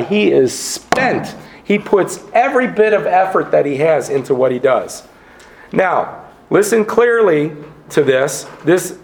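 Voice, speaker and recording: A middle-aged man preaching with earnest emphasis, circling back over his words as he drives each point home. His voice sits a little high for a man and carries a gravelly edge. The sound rings in an echoey church hall. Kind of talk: sermon. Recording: echoey room.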